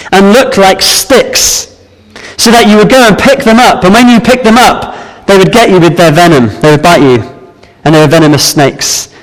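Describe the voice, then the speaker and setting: Man, preacher, high voice, earnest sermon, long hall reverb. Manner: earnest, measured Bible exposition with some restarts.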